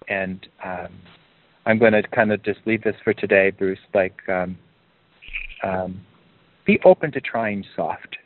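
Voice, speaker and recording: A man leading a group coaching call, talking in a calm, encouraging way and lifting his pitch to stress a point. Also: unhurried, long pauses. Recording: narrow phone-like line.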